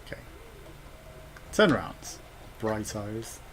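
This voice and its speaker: A man's voice: lowish voice, expressive, slow, crowd noise. A man giving casual gameplay commentary as a let's play gamer, chatty and thinking aloud with muttered asides.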